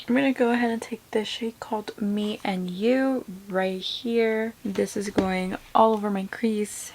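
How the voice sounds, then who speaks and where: A woman's voice: fairly high pitch, a little hiss or hum. Effusive young woman vlogger, chatty. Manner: chatty and effusive, lots of "like", drops to soft asides. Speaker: beauty vlogger. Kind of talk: casual product review.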